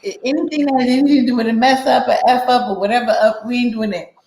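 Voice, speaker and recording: A woman's voice: fairly high pitch, steady tone, fast, darkish tone, reverberant, low-quality recording. A woman hosting a casual podcast panel chat, talking in a blunt, emphatic, defensive way. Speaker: podcast host.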